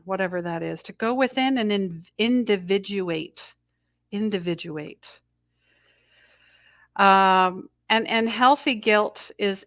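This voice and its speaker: A woman's voice: mid-range voice, fairly bright tone, no echo. A middle-aged woman hosting a spiritual energy update in a mid-range voice. She rambles, cuts herself off and restarts, and relays the messages she says she is hearing. The sound is close and dry, with little room. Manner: rambling, self-interrupting, channels messages she hears. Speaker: intuitive astrology host.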